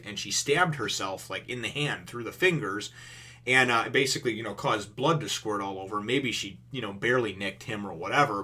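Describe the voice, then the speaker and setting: A man's voice: lowish voice, pushed and bright, breathy edge. A man casually recapping a comic chapter, rambling and filling his talk with "you know". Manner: rambling, filler-heavy, with many "you know"s. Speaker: manga reviewer.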